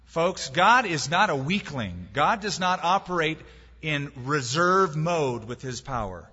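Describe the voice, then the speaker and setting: A pastor with a husky, bright voice delivers an emphatic sermon, mixing rhetorical questions with dry asides. His voice carries a long reverb from a large church hall. The sound is dull and muffled. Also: a little high, expressive, a little slow.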